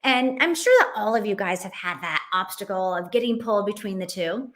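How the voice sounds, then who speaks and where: A woman's voice: mid-range voice, animated, brisk. A middle-aged woman hosting a Christian parenting show, telling a family story in an earnest, heartfelt way. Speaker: Christian parenting podcast host. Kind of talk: personal storytelling.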